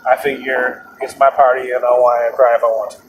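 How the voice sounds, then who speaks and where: A man's voice: medium pitch, level tone, fast talker. A man hosting his own show, talking in a loose, rambling monologue, laughing often and restarting his sentences. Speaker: podcast host. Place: moving vehicle. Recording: road noise in a car. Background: road noise.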